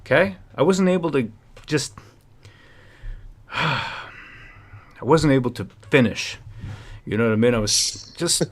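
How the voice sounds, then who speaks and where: A man hosting a live stream, ranting and rambling with frequent restarts and shifts between heated and low-key talk. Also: expressive, slow pace, pauses often. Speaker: livestream host. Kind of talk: ranting livestream commentary.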